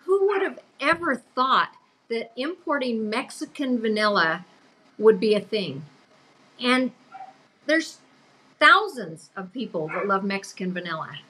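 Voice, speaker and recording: A woman's voice: a little high, big pitch swings, measured pace, bright, forceful tone, poor audio. An older woman, a podcast guest, speaking earnestly about her small family company. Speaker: guest, business co-owner. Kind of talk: podcast interview.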